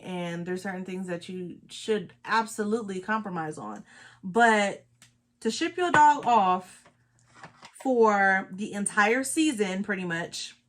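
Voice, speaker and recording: This woman, a Los Angeles beauty vlogger, keeps up casual, emphatic chatter as she does her makeup, returning to the same points again and again. She has a medium-pitched, fairly bright voice.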